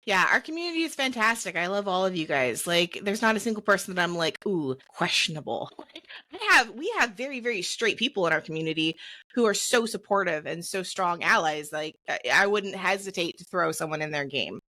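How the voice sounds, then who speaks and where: A woman's voice: medium pitch, lively intonation, a little fast, pushed and bright. A woman co-hosting a casual live-streamed podcast, chatty and enthusiastic, with lots of "like" fillers; English is not her first language. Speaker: podcast co-host.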